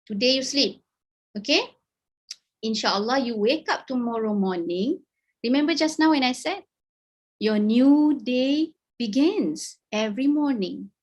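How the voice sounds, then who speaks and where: Malaysian lady giving a pep talk on a video call, high voice, lots of "okay?", switches between english and malay. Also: animated, measured pace, dull audio. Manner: encouraging, mixes English and Malay, frequent "okay?". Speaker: guest speaker. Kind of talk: webinar talk.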